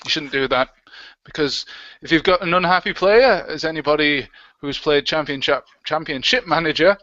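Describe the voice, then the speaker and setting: A man's voice: a little high, normal speed, bright, forceful tone, no room sound. A man co-hosting a livestream, chatting casually and jokily and reading out viewer comments. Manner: jokey, chatty, reads out comments. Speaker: livestream co-host. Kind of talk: casual chat. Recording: dull, lo-fi stream audio.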